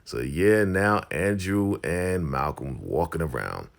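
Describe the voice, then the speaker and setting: Very deep, gravelly man recapping a show. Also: slow pace. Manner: animated, slangy storytelling. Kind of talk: casual show recap vlog.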